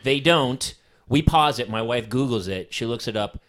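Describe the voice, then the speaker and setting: A middle-aged man hosting a podcast who talks in an animated, blunt way and swears freely. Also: medium pitch, moderate pace. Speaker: podcast host. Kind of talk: casual conversation.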